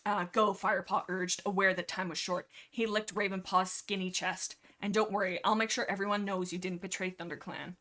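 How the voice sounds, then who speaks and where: Brisk and rarely pausing, a young woman hosts a book-chat livestream in a slightly bright, mid-range voice with fairly even intonation. She rambles chattily about the series she loves, giggling and hamming up dialogue with playful melodrama.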